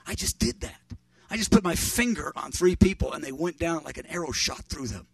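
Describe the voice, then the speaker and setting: A man's voice: a little high, expressive, fairly quick, gravelly, a bit bright, no echo, recorded from a distance. A middle-aged man preaching, earnestly telling a story from his ministry and quoting what others said. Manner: earnest, recounting events with quoted dialogue. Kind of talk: sermon testimony storytelling.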